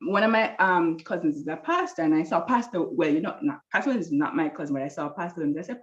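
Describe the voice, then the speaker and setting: A woman telling a lively personal story, acting out the voices of people she quotes, with a slightly dull recording. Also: lowish voice, a little fast, few pauses. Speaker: guest telling her love story. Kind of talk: animated storytelling.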